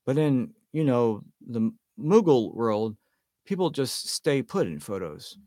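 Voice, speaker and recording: Polite, hesitant young wizard boy read by a man, lively pitch. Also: a little slow, dry recording, clean studio sound. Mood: curious.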